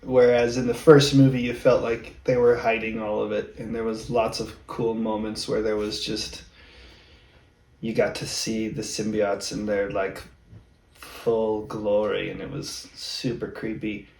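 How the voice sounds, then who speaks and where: A man's voice: on the low side, flat delivery, unhurried, creaky, a little mellow. A man co-hosting a casual movie review, giving blunt, firm opinions. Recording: roomy room sound.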